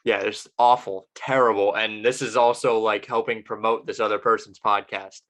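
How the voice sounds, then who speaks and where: A man's voice: fairly low pitch, level tone, normal speed, fairly bright tone. A young man hosting a podcast, rambling and self-deprecating in casual chat. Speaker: podcast host.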